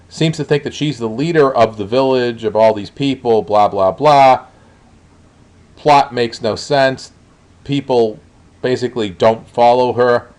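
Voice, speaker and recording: A man's voice: mid-range voice, darkish tone. A man reviewing a show in a blunt, exasperated way, with frequent ums and uhs. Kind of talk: spoken review.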